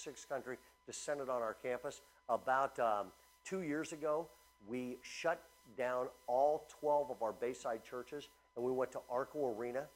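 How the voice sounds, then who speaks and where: A middle-aged man preaches a sermon to a large gathering. He tells stories in an animated way, stumbling through fillers and restarts as he goes. His voice sits in a plain middle pitch. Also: low-quality recording. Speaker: pastor.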